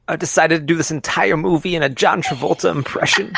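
A man with a somewhat high voice co-hosts a casual movie podcast. He is wry and jokey, laughing often. The recording is dry and close. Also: brisk, gravelly, fairly bright tone, slightly rough, no room sound. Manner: joking, laughs a lot, wry. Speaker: podcast co-host. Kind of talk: casual film podcast chat.

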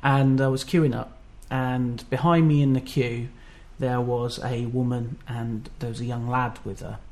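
A man co-hosting a podcast in casual, rambling chat, self-deprecating and quick to laugh. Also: mid-range voice, steady tone, a little mellow. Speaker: podcast co-host.

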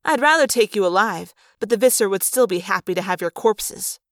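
A woman's voice: mid-range voice, lively intonation, brisk, fairly bright tone, dry recording, clean studio sound. A woman playing a tense, commanding middle-aged woman. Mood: forced calm. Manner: clipped and commanding.

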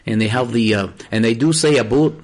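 A man's voice: medium pitch, a little fast. A man in casual podcast chat, talking loosely with plenty of swearing and laughter. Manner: loose, profane, laughing, playful.

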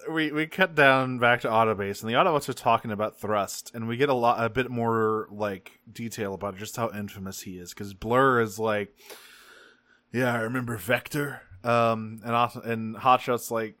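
A man co-hosting a podcast, joking and swearing as he recaps a cartoon episode, now and then slipping into quick voices for the characters. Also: mid-range voice, bright, forceful tone, no echo. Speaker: podcast co-host. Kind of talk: casual chat recapping a cartoon.

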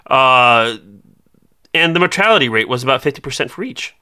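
Bright-voiced man co-hosting a podcast. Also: medium pitch, expressive, moderate pace, smooth. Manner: reads trivia notes with fillers and hesitations. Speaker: podcast co-host. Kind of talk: casual podcast chat.

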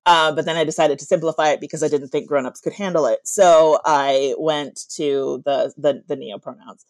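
Woman author, low voice, slight lisp, dry close recording, chatty storyteller. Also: no room sound. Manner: animated storyteller, quick asides. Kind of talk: casual podcast chat.

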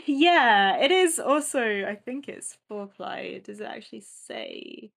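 A woman co-hosting a casual chat, giggling often and filling pauses with ums. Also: fairly high pitch, animated, vocal fry, fairly bright tone. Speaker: podcast co-host.

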